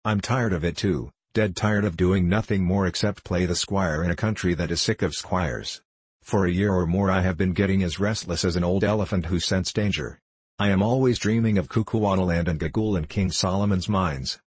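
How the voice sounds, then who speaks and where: A man's voice: low voice, normal speed, breathy edge, dry recording. A man reading as an earnest English baronet. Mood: longing. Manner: earnest, animated. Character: restless hearty English baronet adventurer, man.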